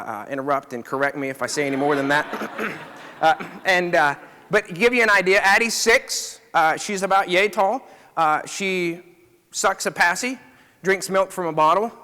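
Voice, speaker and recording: In a reverberant hall, a man who works as a chiropractor tells a casual story to a live audience, often checking in with them. He has a high-pitched, bright voice with a forceful tone.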